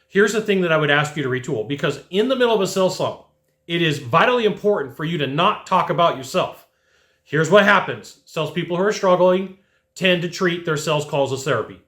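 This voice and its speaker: Animated male sales coach, echoey room. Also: fairly high pitch. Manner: animated, acts out quick mock dialogues. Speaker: sales trainer. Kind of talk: direct-to-camera sales coaching.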